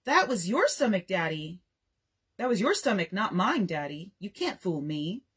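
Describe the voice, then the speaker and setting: Cheeky kid in a story arguing back, lady reading, breathy. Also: mid-range voice, very animated, moderate pace, fairly bright tone, heavily acted. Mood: protesting. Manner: insistent, cheeky. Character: young boy, protesting cheekily.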